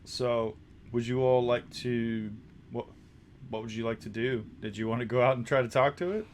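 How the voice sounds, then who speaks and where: A man's voice: mid-range voice, slight background noise. Man narrating as dungeon master. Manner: descriptive, halting narration with restarts. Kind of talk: narrating a tabletop game.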